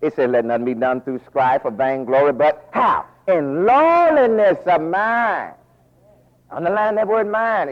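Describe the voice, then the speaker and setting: A high-voiced man delivers a folksy, animated sermon packed with asides. It sounds like a dull, lo-fi radio broadcast.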